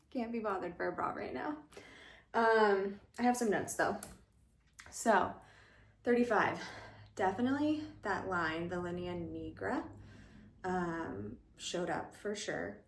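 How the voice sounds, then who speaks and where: A woman's voice: mid-range voice, slow, roomy sound. A young woman chatting casually in a rambling, filler-heavy vlog at home, a little out of breath. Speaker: vlogger. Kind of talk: casual pregnancy vlog chat. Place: room at home.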